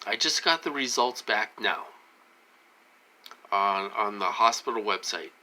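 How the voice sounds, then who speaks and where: A man talking in a rambling personal monologue, halting and repetitive, full of fillers and restarts, insistent and aggrieved. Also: on the low side, lively intonation, sharp tone, low-quality recording. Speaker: vlogger.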